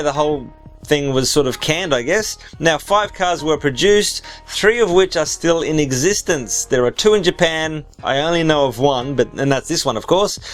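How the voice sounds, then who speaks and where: A man hosting a car video, narrating in a chatty, easygoing way and talking straight to his viewers. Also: on the high side. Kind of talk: casual vlog narration.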